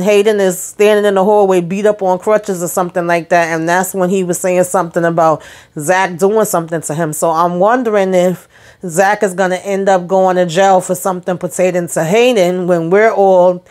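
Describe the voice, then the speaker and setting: A woman with a fairly low voice talks through last night's episode like she's catching up a friend. She's chatty and lively, dropping slang and side notes as she goes. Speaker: TV show recap host. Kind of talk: casual episode recap.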